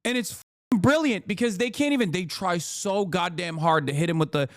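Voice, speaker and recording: An American man with a fairly high voice rants sarcastically through live political commentary. His swearing talk is quick and biting, recorded close and very dry. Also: dry recording. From United States. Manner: sarcastic, fast, profane ranting.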